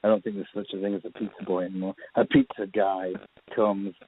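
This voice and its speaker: A man's voice: low voice, flat delivery, fairly quick, breathy edge, no echo. A man, a filmmaker guest, telling rambling anecdotes in a casual interview. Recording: tinny phone line.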